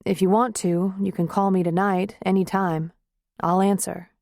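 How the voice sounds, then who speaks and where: A woman doing a gentle, caring boyfriend. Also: mid-range voice, flat delivery, dry recording, clean studio sound, natural voice. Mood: soothing. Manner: soft, soothing, unhurried.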